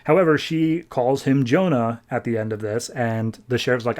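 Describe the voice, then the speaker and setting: A man hosting a podcast, casually recapping a comic issue and paraphrasing the characters in quick, chatty asides. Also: medium pitch, a little mellow. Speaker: podcast host.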